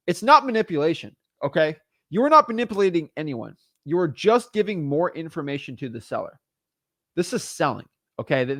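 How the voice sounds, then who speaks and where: A man who lives in Florida teaching real estate wholesaling in a blunt, energetic, casual way, repeating himself often. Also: a little high, dry recording, studio quality.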